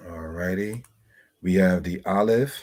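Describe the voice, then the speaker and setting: A man teaching Hebrew words from slides, slowly spelling out terms and often calling his listeners brothers and sisters. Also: deep voice, darkish tone. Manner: slow, deliberate spelling-out of words.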